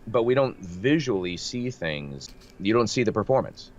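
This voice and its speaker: A man's voice: fairly low pitch, animated, normal speed, crowd noise. A man who works as a voice actor, chatting animatedly in an interview, with a slightly nasal voice and lots of restarts. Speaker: voice actor guest. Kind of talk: casual interview chat. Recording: dull lo-fi remote audio with faint noise.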